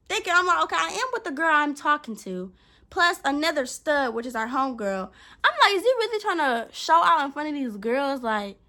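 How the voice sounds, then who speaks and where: A young woman with a high, bright voice tells a story as a vlogger. She talks casually and with a lot of energy, swearing freely and acting out her own lines as she goes. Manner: animated, profane, acts out what she said.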